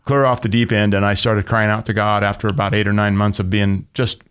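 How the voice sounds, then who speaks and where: A man's voice: lowish voice, little pitch movement, brisk, a bit bright, clean tone. A middle-aged man telling his personal testimony as an interview guest, in a plain, conversational storytelling way.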